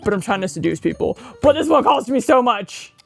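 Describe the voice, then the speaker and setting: A woman casually commenting while playing a video game, excitable, swearing, laughing and mimicking characters. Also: fairly high pitch, brisk, gravelly, soft background music. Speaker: gaming streamer. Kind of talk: casual let's play commentary.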